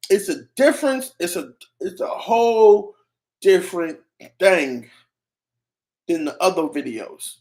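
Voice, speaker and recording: A man's voice: high voice, very animated, measured pace, pauses often, a little mellow. A young man streaming, giving casual rambling commentary on clips in slang and often restarting his sentences.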